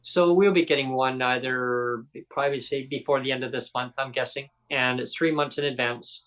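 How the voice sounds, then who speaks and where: A man's voice: medium pitch, moderate pace, rough recording. A man hosting a casual podcast chat, telling a story animatedly and acting out the people in it. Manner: animated storyteller, acts out quotes. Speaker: podcast host.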